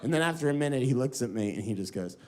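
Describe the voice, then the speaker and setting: Animated American man doing stand-up. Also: medium pitch, rapid-fire. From United States. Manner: animated storytelling, acting out voices. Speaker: stand-up comedian. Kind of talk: stand-up comedy set. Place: comedy club stage with live audience. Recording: live stage recording, loud crowd laughter.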